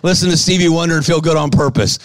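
A man with a high, bright voice preaches with fire, shouting and urging the crowd to answer him. He switches between rapid patter and slow, heavy emphasis. The sound is close and dry. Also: fairly even intonation, no echo. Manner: fiery, shouting calls for the crowd to respond; bursts of quick patter between slow, stressed lines. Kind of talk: sermon to a live audience.

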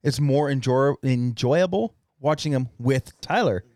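A man co-hosting a casual podcast, talking in a halting, rambling way full of fillers. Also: medium pitch, darkish tone, no echo. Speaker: podcast co-host. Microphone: studio mic.

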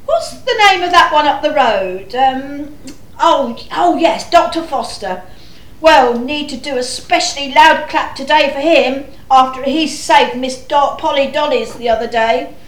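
A woman playing a frazzled, exasperated mother of many children in a panto, chatty and slow. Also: sits high. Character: frazzled harried mother in a shoe house. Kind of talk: amateur panto acting. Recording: echoey room.

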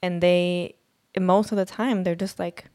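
A woman's voice: lowish voice, flat delivery, a little slow, dark tone. A woman co-hosting a podcast in casual chat, frank, with many "like"s. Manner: frank, says "like" a lot. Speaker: podcast co-host.

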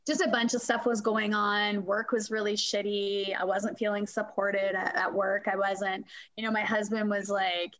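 A woman's voice: medium pitch, level tone, normal speed, fairly bright tone, no room sound, rough recording. Candid woman, dry close sound. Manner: candid, swears freely, acts out quotes. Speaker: guest. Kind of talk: casual interview chat.

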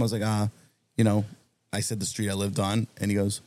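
A man telling a long, animated story on a podcast, acting out the other people in it. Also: mid-range voice, fast talker. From Massachusetts. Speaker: guest storyteller. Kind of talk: casual anecdote on a podcast.

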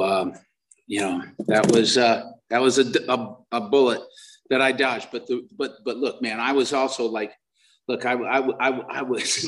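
A man's voice: medium pitch, a bit bright. A middle-aged man giving a personal recovery share at a meeting, rambling and self-deprecating, with lots of restarts. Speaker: main speaker at a recovery meeting. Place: meeting room before a live audience. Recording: voice picked up from a distance.

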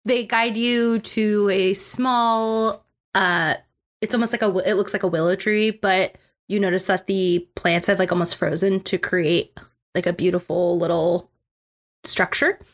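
A woman narrating a tabletop game as game master in a relaxed, chatty way. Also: mid-range voice, a little slow.

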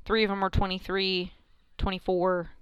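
A woman's voice: mid-range voice, completely flat delivery, moderate pace, smooth, no echo. A woman co-hosting a podcast, telling a story in casual chat, rambling with many "um" and "like". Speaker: podcast co-host.

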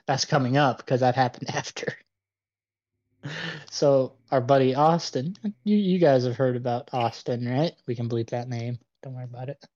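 A young man co-hosting a podcast, telling a bar story in lively casual talk full of swearing. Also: mid-range voice, normal speed, muffled recording. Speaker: podcast co-host. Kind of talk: casual chat.

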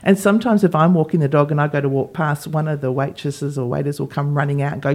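A woman's voice: low voice, quick pace, few pauses. A woman, a podcast co-host telling a personal story in casual chat and acting out what others said. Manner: animated, acts out quoted dialogue.

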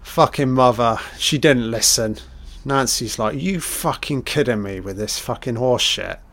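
A man rambles through a casual film commentary in a mid-pitched voice. He swears freely and breaks into mock dialogue for the characters, then carries on chatting. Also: a little slow, a bit bright. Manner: sweary, jokey, acts out characters' lines.

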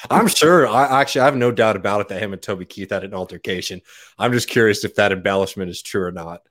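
Low-voiced guy rambling through a story on a podcast, lots of ums. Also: fast talker, a bit bright. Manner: rambling storytelling with frequent fillers and laughs. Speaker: podcast guest. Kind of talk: casual chat.

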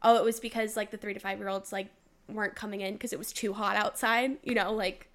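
A woman's voice: medium pitch, fairly even intonation, quick pace, a bit bright. A young woman co-hosting a casual podcast, telling stories animatedly, acting out quotes, with many "like" fillers. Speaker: podcast co-host. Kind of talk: casual storytelling chat.

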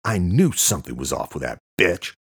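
A man's voice: low-pitched, very animated, normal speed, vocal fry, breathy edge, exaggerated voice. A man voicing a tough, foul-mouthed male investigator who speaks urgently in an audiobook. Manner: urgent, cursing.

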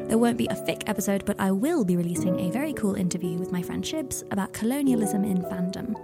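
A woman podcast host reading her fan fiction aloud in a soft, even storytelling manner. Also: mid-range voice.

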